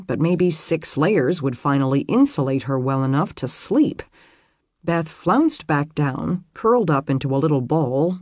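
An audiobook narrator reading a romance novel in an expressive, lively storytelling manner. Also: medium pitch, no room sound, clean studio sound.

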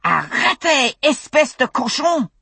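A woman reading aloud and voicing an excitable young Frenchman with a French accent, shouting blustering threats. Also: very high-pitched, a little slow, gravelly, no room sound, voice pushed up, heavily acted. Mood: furious.

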